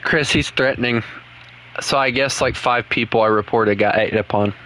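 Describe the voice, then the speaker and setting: A man's voice: medium pitch, rough recording. A man streaming a game and chatting casually with viewers, playful and teasing. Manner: playful, teasing, slow and rambling. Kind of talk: casual gaming chat with viewers. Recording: loud game noise and vehicle sounds behind.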